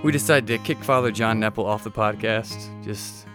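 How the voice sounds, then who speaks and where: A man's voice: fairly low pitch, normal speed, music in the background. A man hosting a casual podcast, joking with his co-host and reading a listener's email aloud. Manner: jokey, laughs often, reads listener email aloud.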